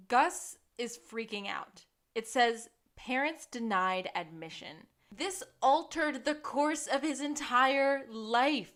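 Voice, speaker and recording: Chatty woman cohost, a bit higher voice, laughs a lot and goes off on little tangents. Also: expressive, takes it slowly, fairly bright tone. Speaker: podcast co-host. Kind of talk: casual recap chat.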